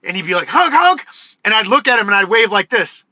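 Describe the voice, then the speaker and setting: A man hosting his own livestream, chatting loosely and excitedly with viewers, full of "dude" and "bro". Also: high-pitched, very fast, no room sound, muffled recording. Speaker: livestream host. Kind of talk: casual livestream chat.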